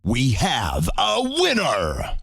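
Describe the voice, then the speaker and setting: A man voicing a booming game announcer who calls out events in a slow, dramatic delivery. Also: huge pitch swings, gravelly, fairly bright tone, breathy edge, heavily acted. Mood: announcing. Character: deep gravelly male game announcer.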